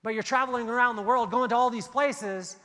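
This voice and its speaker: A man giving a motivational keynote speech, telling stories in an animated way and acting out the dialogue. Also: very high-pitched, a little fast, long reverb tail. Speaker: keynote speaker. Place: large event hall.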